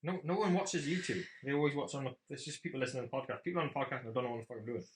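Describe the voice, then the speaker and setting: A young Welsh man co-hosting a podcast in casual chat, talking fast, joking and swearing. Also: medium pitch, roomy sound, slight background noise. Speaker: podcast co-host.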